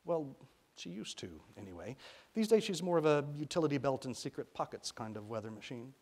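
A man reading the part of a calm, wry grown man who talks patiently with a curious small child, in a gently amused manner. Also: mid-range voice, a little fast, slightly rough, voice pushed up.

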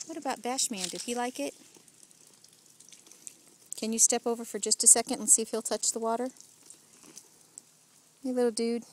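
A woman's voice: on the high side, steady tone, moderate pace, pauses often, darkish tone, a little hiss or hum, low-quality recording. A mother filming her small child outdoors in a backyard, talking in a playful, doting, coaxing way and laughing often. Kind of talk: home video chat with a small child.

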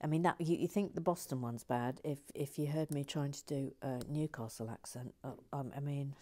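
A woman hosting a model-building stream on a lapel mic, chatting in a rambling, self-mocking way and dropping into soft whispered asides. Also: very deep voice, moderate pace. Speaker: host building a toy model. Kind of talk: casual chat while building. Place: indoors at a table.

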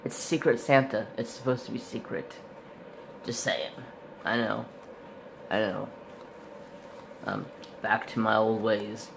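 A man's voice: lowish voice, steady tone, slow, gravelly, long pauses, a bit bright, slight background noise. A man hosting a casual craft unboxing vlog, chatty and rambling with lots of fillers and self-corrections, his voice a little stuffy as he recovers from being sick. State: slightly stuffy, recovering from illness. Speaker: craft channel host.

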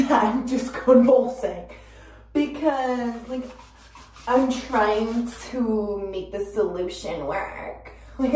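A woman in her twenties chatting casually to camera, rambling with lots of fillers, swearing freely, and breaking into sudden loud bursts. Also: a little high. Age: 20s. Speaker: vlogger. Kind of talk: casual chat. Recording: roomy, distant from the mic.

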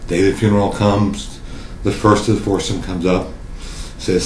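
A man telling a joke in a relaxed storytelling way. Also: sits low, normal speed, roomy sound, a little hiss or hum, low-quality recording. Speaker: joke teller.

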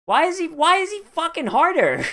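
A man's voice: very high-pitched, big pitch swings, a little fast, sharp tone. A man streaming a video game, talking casually with sarcastic jokes, heavy swearing and frustrated outbursts. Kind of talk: casual gameplay commentary.

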